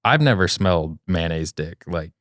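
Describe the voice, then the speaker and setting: A young adult man co-hosting a comedy podcast, reading listener posts aloud and dropping deadpan crude quips. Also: deep voice, normal speed, no echo, studio quality. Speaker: podcast co-host.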